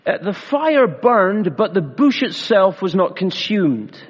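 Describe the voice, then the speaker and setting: Man preaching a slow sermon in a hall. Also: sits high, very animated, breathy edge. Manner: measured preaching with slow emphatic pauses and gentle humor. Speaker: pastor. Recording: reverberant hall, dull lo-fi sound.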